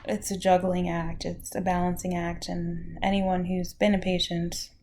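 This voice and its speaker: A woman, telling her own health story in an emotional, halting way, close to tears and sometimes dropping to a soft near-whisper. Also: lowish voice, completely flat delivery. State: tearful. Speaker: vlogger sharing her health journey. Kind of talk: emotional personal vlog.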